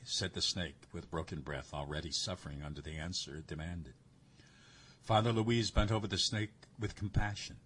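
Deep-voiced male story reader. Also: moderate pace, a bit bright, slight background noise. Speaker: narrator. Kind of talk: story reading.

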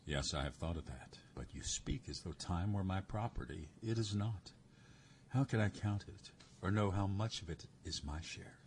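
A man voicing a devout priest who speaks calmly, tenderly and gravely. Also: sits low, normal speed, a little hiss or hum, voice pushed up. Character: gentle, devout old male priest.

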